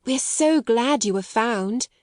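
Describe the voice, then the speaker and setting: A woman reading the part of a warm-hearted young girl, eager and kind. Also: fairly high pitch, lively intonation, slow, no echo, clean studio sound, voice pushed up. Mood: glad.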